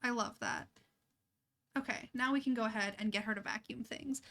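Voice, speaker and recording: Laughing often and addressing her characters, this young woman gives relaxed commentary while streaming a life-sim game. She speaks at a moderate pace in a slightly high, steady voice that sounds gravelly and sharp.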